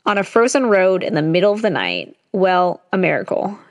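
A woman's voice: fairly low pitch, big pitch swings, normal speed, no room sound. A young woman reading stories aloud in a casual, chatty way, adding jokey asides between them. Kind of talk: casual read-aloud storytelling.

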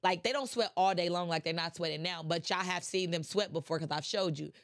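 A woman's voice: fairly low pitch, a little fast. Congested chatty woman host. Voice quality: congested, nasal. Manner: chatty, rises to impassioned preaching. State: stuffy with allergies. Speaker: podcast host. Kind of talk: casual motivational talk.

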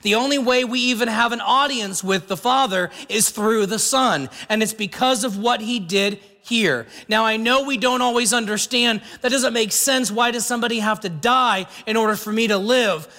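A man's voice: sits high, pushed and bright, long reverb tail. A pastor preaching a sermon in an earnest, conversational way, asking his listeners rhetorical questions.

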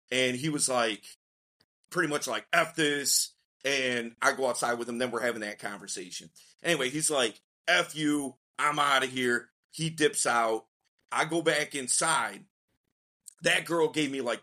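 A man, a dating coach on a podcast, telling a story in a casual, slangy way and acting out the quotes with lively energy. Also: mid-range voice, normal speed. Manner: animated, slangy storyteller who acts out quotes.

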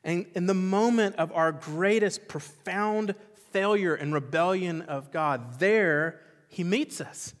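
A pastor preaching a sermon with impassioned, emphatic repetition, swinging between loud exclamations and quiet intensity. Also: male voice, high voice, slow pace. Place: church sanctuary. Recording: long reverb of a large church hall.

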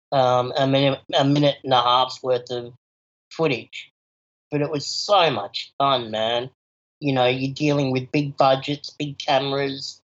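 A man, an actor answering interview questions in a chatty, enthusiastic way, often saying "you know". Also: medium pitch. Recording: slightly dull lo-fi recording.

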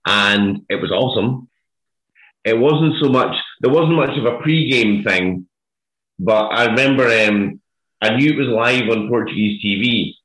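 A man's voice: on the low side, a bit bright. A Scottish man in casual podcast chat, telling an anecdote with many hesitant fillers. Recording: roomy echo.

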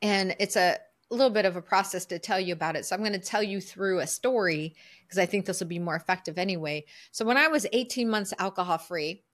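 A woman's voice: lowish voice, fast talker. Earnest woman telling a personal story. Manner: lively, earnest storyteller who acts out her own inner voice. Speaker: podcast guest, coach. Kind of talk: storytelling in a podcast interview.

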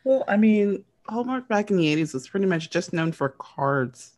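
Excitable lady cohost on a podcast, keeps repeating stuff, kinda stammery. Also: medium pitch, normal speed. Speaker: podcast co-host. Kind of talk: casual podcast chat.

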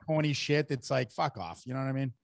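Brash gravelly man, casual talk. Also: medium pitch, fast talker, dry recording, studio quality. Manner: brash, profane, animated storytelling. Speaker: guest. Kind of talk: casual podcast chat.

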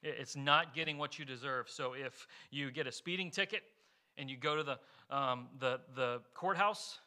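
A man's voice: medium pitch, normal speed, pushed and bright. A man pastor preaching a sermon in an earnest way, asking rhetorical questions and explaining with homely examples.

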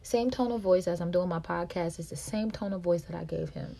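A woman podcast host, telling a personal story in a monologue and acting out quarrels in a louder, higher voice. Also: a little fast, vocal fry, hardly any pauses. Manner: reenacts quarrels with raised pitch and volume.

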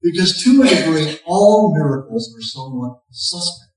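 A man preaching in a folksy, storytelling way, with a slightly high voice. His dry jokes about himself carry through a very echoey space. He sounds far from the mic. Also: lively intonation, moderate pace. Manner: folksy, self-mocking humor, rising emphasis on punch lines. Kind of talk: sermon with storytelling.

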